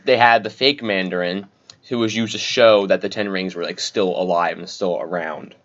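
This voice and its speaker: A man's voice: low-pitched, steady tone, moderate pace, a bit bright. A man co-hosting a casual podcast, reading out movie details in a chatty way. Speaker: podcast co-host. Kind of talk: casual chat, reading notes. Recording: dull lo-fi audio.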